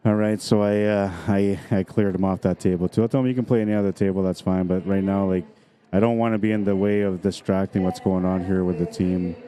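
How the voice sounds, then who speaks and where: A man's voice: sits low, little pitch movement, brisk, mellow. A man commentating a pool tournament on a live stream from the hall, chatting easily and greeting viewers. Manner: chatty, easygoing, talks directly to viewers.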